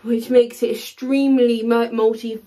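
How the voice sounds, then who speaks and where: A woman's voice: on the high side, flat delivery, moderate pace, dark tone. A woman co-hosting a resale vlog who talks casually and rambles, with many fillers and restarts. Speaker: co-host, luxury reseller. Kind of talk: casual chat, showing thrift finds.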